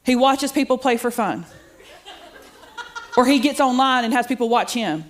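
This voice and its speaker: A woman's voice: a little high, lively intonation, moderate pace, slight background noise. A middle-aged woman doing a stand-up comedy set, sassy and self-deprecating, chatting with the crowd. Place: comedy club studio with live audience.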